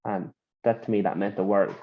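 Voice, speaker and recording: A man's voice: fairly low pitch, steady tone, fairly quick, phone-quality sound. A young Irish man, a boxer, telling stories from his career in a rambling, casual interview manner. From Ireland. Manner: rambling, repeats phrases, says "do you know what I mean".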